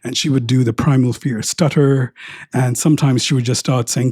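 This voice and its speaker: A middle-aged podcast host from India talks through his memories in a rambling solo monologue. He cracks wry jokes and wanders off on tangents. His voice is mellow and low in brightness, with a slightly husky grain. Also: steady tone, moderate pace, no room sound, clean studio sound. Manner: wry, joking and prone to tangents. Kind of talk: reflective personal monologue.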